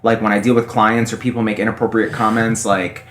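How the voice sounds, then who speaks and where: A man's voice: fairly low pitch, flat delivery, a little fast, fairly bright tone. A man guesting on a podcast, talking casually in a candid, reflective way. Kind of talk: casual chat. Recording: roomy echo.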